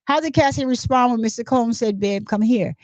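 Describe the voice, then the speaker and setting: A woman's voice: fairly high pitch, a little mellow, dry recording, natural voice. A woman reading as a formal trial attorney. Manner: measured, formal questioning. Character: courtroom attorney questioning a witness. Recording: dull lo-fi, dry.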